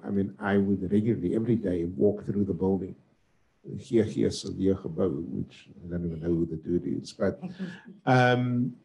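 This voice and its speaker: A middle-aged South African man speaking on a discussion panel as a professor. His voice sits low with a gravelly, dark edge. He talks forcefully and swells into emphatic bursts. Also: low-quality recording. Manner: forceful, rising to emphatic outbursts.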